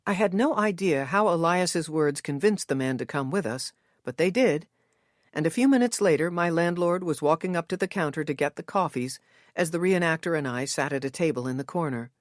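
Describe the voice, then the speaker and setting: Woman narrator, audiobook, first-person story, measured, steady, dry close recording. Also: low-pitched, no room sound.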